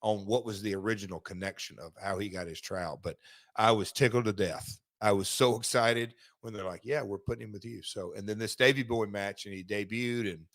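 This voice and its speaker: A man's voice: lowish voice, moderate pace. Chatty middle-aged man telling stories. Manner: storytelling, relaxed and chatty. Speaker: podcast host, former wrestler. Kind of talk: casual chat and read sponsor ad.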